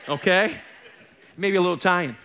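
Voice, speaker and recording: A man's voice: sits high, a little fast, bright, forceful tone. A middle-aged man preaching a sermon as a pastor, candid and conversational, with joking asides. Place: church.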